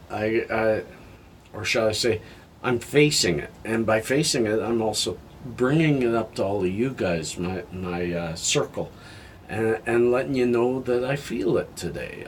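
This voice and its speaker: An older man talking candidly in a personal vlog, halting and heartfelt, sounding tired and emotional. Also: lowish voice, slight background noise. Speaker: health vlogger.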